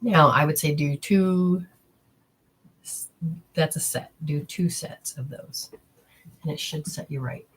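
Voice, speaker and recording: A woman's voice: sits low, slow pace, pauses often, a little hiss or hum. A woman hosting a spiritual healing talk, explaining steps in a rambling, instructive way and speaking straight to her listeners. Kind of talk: casual teaching talk.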